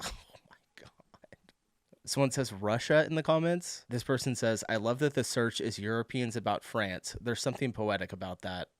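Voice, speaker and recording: A man hosting a reaction video, chatting casually in an amused tone with quick asides. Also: mid-range voice, no room sound, clean studio sound.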